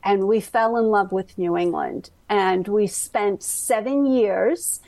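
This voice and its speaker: A woman with a Brooklyn accent, a guest author telling her life story in an interview, slow and halting with many ums. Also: mid-range voice, vocal fry, dark tone, no room sound, rough recording. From Brooklyn, New York. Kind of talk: interview conversation.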